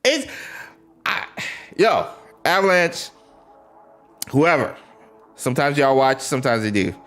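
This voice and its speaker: A man's voice: mid-range voice, very animated, takes it slowly, fairly bright tone, faint music behind. A young man hosting a casual livestream, greeting chat viewers and pleading with exasperated sighs and laughs. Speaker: livestream host. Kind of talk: casual live-stream chat.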